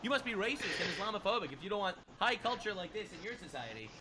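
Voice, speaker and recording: A man's voice: sits high, very animated, quick pace, sharp tone. A man giving sarcastic, mocking online commentary as a political commentator.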